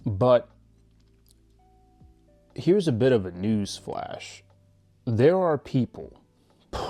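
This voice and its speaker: A man with a lowish voice talks slowly and bluntly, swearing freely and stumbling over restarts as he makes his point. The sound is dry and close, with faint music underneath. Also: a little mellow, no room sound. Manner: blunt, profane, rambling with restarts. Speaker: channel host. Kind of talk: blunt motivational monologue.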